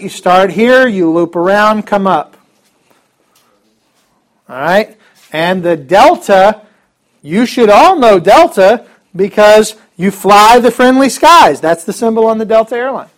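A man teaching a Greek alphabet class in a classroom, upbeat and chatty with joking asides. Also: high-pitched. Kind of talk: classroom lesson.

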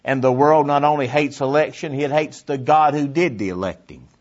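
Man preaching, loud then hushed, muffled. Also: a little high, normal speed. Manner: swings from loud emphasis to hushed near-whisper, repeats phrases. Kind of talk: sermon. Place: church before a congregation.

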